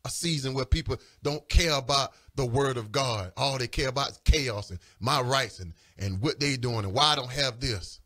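A man's voice: mid-range voice, moderate pace, hardly any pauses, fairly bright tone. A man giving an emotional spiritual testimony on the radio, pleading and repeating himself as he talks. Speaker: caller giving a religious testimony. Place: radio studio or phone-in.

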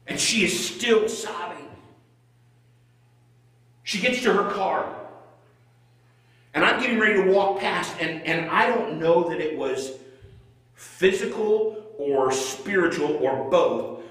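A middle-aged male pastor preaching a sermon as a conversational story, swinging between loud and hushed. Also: fairly high pitch, animated, unhurried, long pauses. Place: church sanctuary. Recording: echoey church room, voice from far off.

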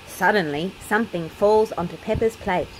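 A woman reading a children's picture book aloud in an expressive storytelling way. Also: medium pitch, normal speed, slight background noise, low-quality recording.

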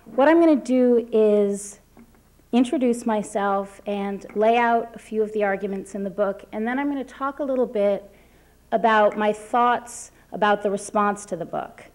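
A woman in her twenties, hoarse from losing her voice, reading a prepared lecture in a soft, measured way. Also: mid-range voice, steady tone. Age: 20s. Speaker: guest speaker. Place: lecture hall.

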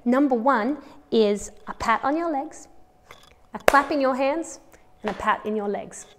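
A woman's voice: high voice, measured pace, long reverb tail, background noise. A woman with an Australian accent teaching a children's music lesson, counting patterns aloud and encouraging the class.

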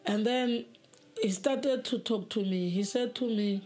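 A woman telling her personal testimony in a halting way, often repeating words as she goes. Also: a little high, a little mellow. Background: faint music.

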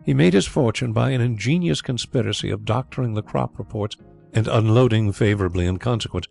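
A man voicing a suave, genial blind gentleman detective, speaking calmly and thoughtfully. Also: on the low side, fairly quick, faint music behind. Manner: calm, thoughtful, smoothly assured.

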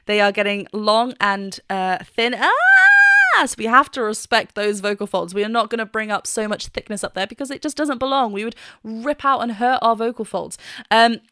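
A woman's voice: mid-range voice, moderate pace, pushed and bright, clean tone. Enthusiastic vocal coach woman. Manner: enthusiastic, explains technique in plain terms. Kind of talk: reaction video with vocal analysis.

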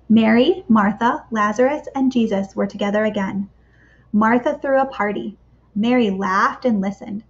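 A woman reading a picture book aloud to children for a church kids' club, with expressive, measured storytelling and dramatic pauses. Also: fairly high pitch. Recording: slightly dull lo-fi recording.

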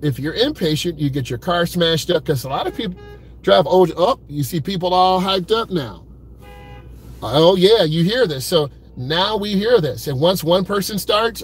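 Laid-back high-voiced man driving. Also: slightly rough. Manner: laid-back, talks straight to viewers, repeats "keeping it real". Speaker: driving vlogger. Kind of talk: casual live-stream chat from the car. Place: in a car at an airport pickup lane.

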